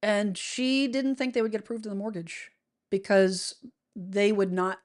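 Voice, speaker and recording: A woman's voice: medium pitch, steady tone, a little slow. A middle-aged woman from the United States hosting a real estate show, chatting casually and reading out viewer comments with many fillers and restarts.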